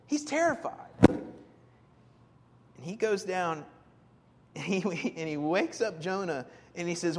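A man preaching a sermon as a pastor, animated, acting out the people in the story and putting questions to his listeners. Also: sits high, takes it slowly, pauses often, in a large hall, a little hiss or hum. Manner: animated, acts out quoted characters, asks the congregation questions.

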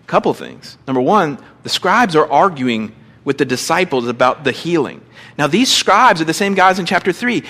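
Middle-aged male pastor, high voice, expressive sermon delivery that acts out the characters' lines. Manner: expressive preaching with acted-out quotes and big pitch swings.

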